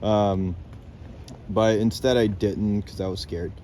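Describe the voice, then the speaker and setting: A young man with a lowish voice talks in a loose, rambling way into a handheld phone, relaxed and casual, swearing now and then. He is outdoors on a lake island, and a faint hiss of wind sits behind his voice. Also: slow pace. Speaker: vlogger camping alone on an island. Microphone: handheld phone camera.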